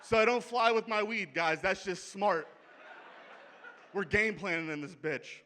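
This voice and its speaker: Brash high-voiced Pittsburgh comic. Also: male voice, a little slow, sharp tone, slight background noise. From Pittsburgh, USA. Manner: brash, profane, conversational. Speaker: stand-up comedian. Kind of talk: stand-up set. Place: comedy club stage.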